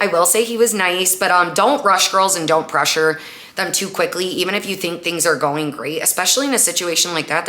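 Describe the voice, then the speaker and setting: A young woman with a low-set voice that still rings bright and forward, hosting her own podcast. She tells a personal story in a loose, chatty way, full of "like" and little acted-out quotes. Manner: chatty, animated retelling with frequent "like" and acted-out quotes. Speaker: podcast host. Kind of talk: casual storytelling podcast monologue.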